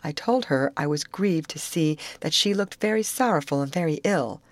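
A woman narrating a classic novel aloud in a measured, earnest storytelling manner. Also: low-pitched, animated, no room sound. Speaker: audiobook narrator.

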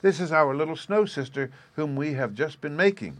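A man voicing an earnest little girl in a storybook reading, his voice raised higher. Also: very animated, normal speed, no room sound, lightly acted.

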